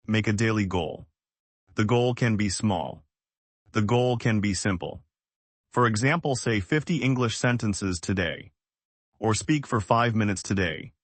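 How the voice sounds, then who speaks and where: Low-voiced man teaching slow English lessons. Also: dry recording. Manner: short simple sentences, spoken slowly and clearly for learners. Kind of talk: slow scripted language lesson.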